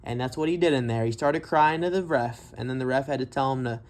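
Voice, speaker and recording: A man's voice: mid-range voice, fairly even intonation, brisk, hardly any pauses, darkish tone. A man giving casual, profane commentary on a fight, blunt and mocking as he rants. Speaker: MMA commentary vlogger.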